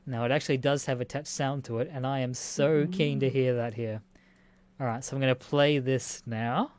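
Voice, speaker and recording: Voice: mid-range voice, steady tone, normal speed, darkish tone. A speaker reading out odd news stories and reacting with incredulous, laughing, swearing asides. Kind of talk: casual reaction commentary.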